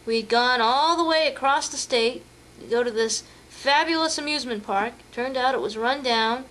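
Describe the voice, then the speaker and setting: A woman's voice: high-pitched, moderate pace, a bit bright. A woman narrating family vacation photos in a chatty storytelling way, with fillers and restarts. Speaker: home video narrator.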